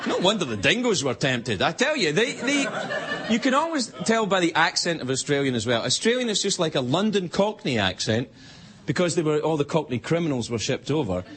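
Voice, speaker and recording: A man's voice: on the high side, sing-song, a little fast, a crowd in the background. A man hosting a late-night show, telling a rambling, self-mocking comedy monologue with many restarts. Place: TV studio stage before a live audience. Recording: loud audience laughter and studio noise. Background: live studio audience laughing.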